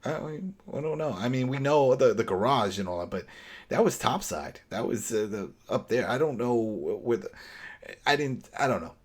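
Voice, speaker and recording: Man, podcast co-host. Casual episode recap, animated delivery, slips into quick character impressions. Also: mid-range voice, slightly rough. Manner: animated, acts out characters' lines mid-recap.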